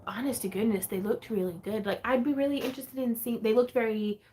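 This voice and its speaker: A woman's voice: on the high side, fairly even intonation, dark tone, a little hiss or hum. A woman hosting a casual craft livestream from home, chatting, laughing easily and reading out viewer comments as she answers them. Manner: chatty, rambling, quick to laugh.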